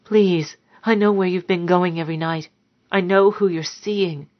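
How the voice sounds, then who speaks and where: A woman reading aloud, voicing a gentle, kind husband who pleads softly, on a dull lo-fi recording. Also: lowish voice, steady tone, a little slow, lightly acted. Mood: pleading softly. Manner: soft, pleading.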